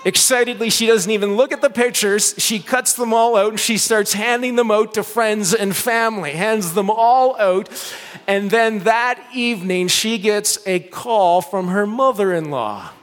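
Man, pastor, sermon, fairly high voice, storytelling, earnest soft appeals, long hall reverb. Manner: storytelling with rising excitement, then slowing to soft earnest appeals.

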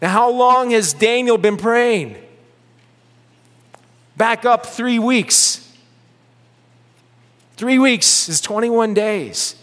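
A man preaching a sermon in a church, animated and conversational, with joking asides to the congregation. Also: very high voice, extremely slow, long pauses. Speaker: pastor. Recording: long hall reverb.

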